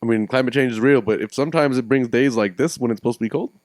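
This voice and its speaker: A man hosting a podcast in casual chat, relaxed and rambling, chuckling often. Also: medium pitch, rapid-fire, dry recording, clean studio sound. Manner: laid-back, chuckling, rambling. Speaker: podcast host.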